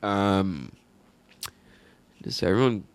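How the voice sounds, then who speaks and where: Deadpan young man with a low voice. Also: extremely slow, clean tone. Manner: deadpan, absurd joking. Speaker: podcast co-host. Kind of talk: casual chat. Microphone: studio podcast mic.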